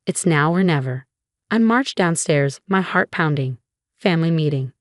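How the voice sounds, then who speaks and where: A woman narrating a first-person story in a steady, scripted reading. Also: sits low, measured pace, no echo, clean studio sound.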